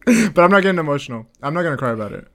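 A man's voice: a little high, sing-song, a bit bright. Anxious, laughing man podcast co-host. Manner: anxious, self-deprecating, quick to laugh. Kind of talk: casual chat.

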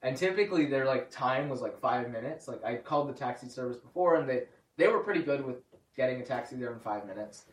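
A man's voice: medium pitch, quick pace, distant mic. A young man telling a story in casual chat, laughing often and acting out quoted lines. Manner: excited, laughing storyteller who acts out quotes. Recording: roomy, from off-mic.

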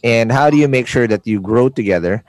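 A man's voice: mid-range voice, fairly quick, dry recording. A man from the Philippines hosting a casual podcast interview, asking long, rambling questions that repeat words and drift off on tangents. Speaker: podcast host.

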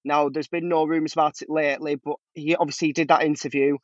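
A man talks football as a podcast guest, laughing easily and tripping over his own restarts. His voice sits a little high for a man. The audio is dull and dry, like a remote call. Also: flat delivery, fast talker, no echo. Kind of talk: casual podcast chat.

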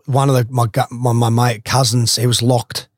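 A man tells a story in a relaxed, lively way, with a lot of swearing and quick bursts of laughter. His voice sits at an ordinary pitch. It sounds dry and close to the mic, with no room echo. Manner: animated, swears freely, laughs mid-story. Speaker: guest, former footballer. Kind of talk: casual storytelling.

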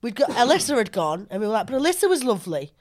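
A woman chatting as a podcast guest, rambling and often dropping to a low voice when she reflects. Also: big pitch swings, very fast, a little mellow. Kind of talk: casual chat.

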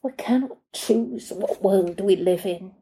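A woman's voice: mid-range voice, takes it slowly, mellow, slight background noise. A woman reading aloud and voicing a dry, judgemental male butler who speaks in a stern, reproving way.

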